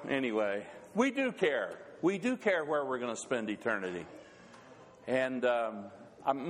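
A man preaching a sermon in an earnest, halting way, often restarting his words. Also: a little high. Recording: long reverb of a church hall.

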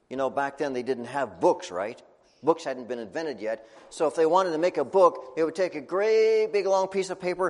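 A man telling a children's sermon as a lively story, chatting and asking his listeners questions. His voice is on the high side. The sound echoes through a hall with long reverb. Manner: animated, chatty, asks the audience questions.

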